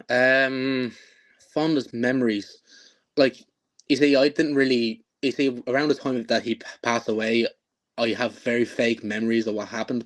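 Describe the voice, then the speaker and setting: A young man in his twenties chats as a guest on a podcast. His voice is mid-pitched and relaxed, and he speaks haltingly, often stopping to restart his sentences. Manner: halting, many restarts, laid-back. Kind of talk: casual chat.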